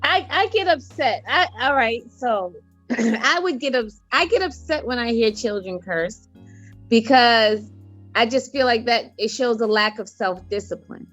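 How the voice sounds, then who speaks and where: High-voiced woman giving her opinion. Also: expressive, a little slow, a bit bright, muffled recording, soft background music. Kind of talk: casual chat.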